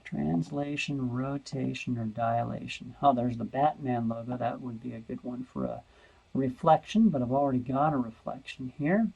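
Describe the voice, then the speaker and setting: A man's voice: mid-range voice, moderate pace, creaky, a little mellow, slightly rough, lo-fi sound. A man teaching a math lesson over a screen recording, thinking aloud and repeating words as he searches.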